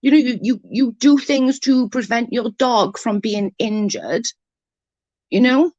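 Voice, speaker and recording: A woman's voice: a little high, unhurried, darkish tone, dry recording, lo-fi sound. A woman on a casual livestream, ranting in exasperation, swearing freely and answering chat comments. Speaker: live streamer reading chat comments.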